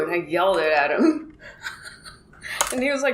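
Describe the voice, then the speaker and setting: A woman's voice: fairly low pitch, sing-song, takes it slowly, pauses often, a bit bright. A woman in her thirties, rambling casually through a solo comedy monologue, acting out quoted exchanges in a self-deprecating way. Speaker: comedian podcast host. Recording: echoey room with faint noise.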